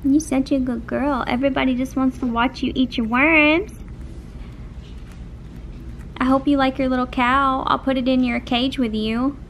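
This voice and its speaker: A woman's voice: sits high, steady tone, moderate pace, pauses often, a bit bright, slight background noise. A young woman with a Southern American accent, a vlogger cooing baby talk to her pet hamster in a casual pet vlog.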